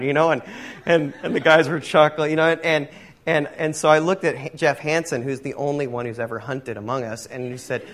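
A man's voice: medium pitch, steady tone, brisk, a bit bright. Rambling, conversational male pastor. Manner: rambling, with many fillers, self-deprecating humor. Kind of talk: conversational sermon.

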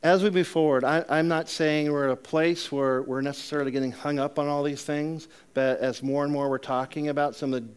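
A man preaching a conversational sermon, telling a personal story with chatty asides, rising loud and high in exciting parts and dropping low and soft to reflect. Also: a little fast, few pauses, clean tone. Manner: chatty asides and self-deprecating humor.

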